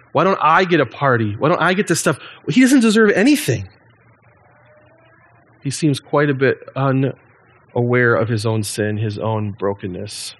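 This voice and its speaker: A man in his thirties, a pastor giving a sermon in a relaxed, conversational way with frequent ums and restarts. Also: on the high side.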